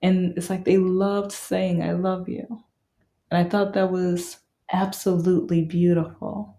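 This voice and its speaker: Low, flat-voiced woman musing on a film. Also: a little slow, echoey room. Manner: rambling, enthusiastic, many fillers and restarts. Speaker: vlogger reviewing a film. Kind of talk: casual monologue.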